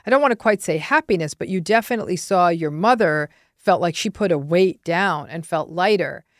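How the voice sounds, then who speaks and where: A woman hosting a podcast interview, reflecting back on a guest's story in a measured, analytical way. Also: fairly low pitch, dry recording, clean studio sound. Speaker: podcast host and psychologist.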